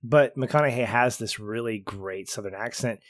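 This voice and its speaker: A man's voice: mid-range voice, normal speed, dry recording, clean studio sound. A man co-hosting a podcast, talking through a film review in a thoughtful, long-winded way, repeating phrases as he builds his points. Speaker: podcast co-host. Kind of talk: casual film review chat.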